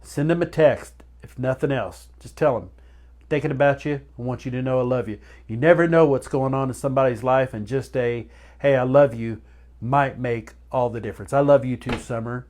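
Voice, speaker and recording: A man's voice: medium pitch, moderate pace, darkish tone. A man hosting a livestream show, signing off in an earnest, heartfelt way and repeating his warnings. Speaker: show host. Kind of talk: casual livestream sign-off.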